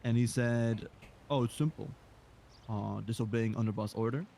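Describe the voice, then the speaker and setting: A man in a game roleplay, hoarse today, telling a rambling, aggrieved story of events. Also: mid-range voice, fairly even intonation, normal speed, dark tone, a little hiss or hum. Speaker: roleplay gamer.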